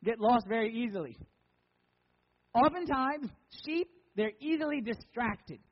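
A man's voice: extremely high pitch, lively intonation, unhurried, long reverb tail, dull audio. A man preaching as a pastor, conversational and joking with emphatic lines. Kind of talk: sermon.

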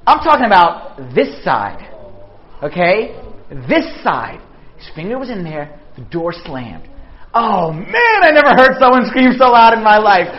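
High-voiced man preaching, dull lo-fi sound. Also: measured pace. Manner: animated storytelling, frequent "okay?" check-ins with listeners. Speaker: pastor. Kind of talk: conversational sermon to young people.

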